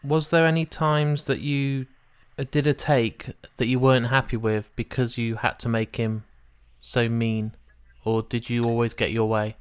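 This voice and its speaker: A man's voice: mid-range voice, flat delivery, a little slow, clear, resonant tone, no room sound. A man hosting a podcast, giving short reactions and asking questions. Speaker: podcast host. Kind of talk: interview questions.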